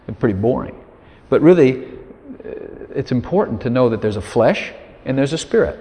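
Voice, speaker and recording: A man's voice: mid-range voice, lively intonation, moderate pace, dark tone. A man preaching an informal sermon in a conversational, folksy way, often dropping asides to his listeners. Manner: conversational, folksy, many "you know" asides; acts out quoted prayers in a raised voice. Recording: long hall reverb.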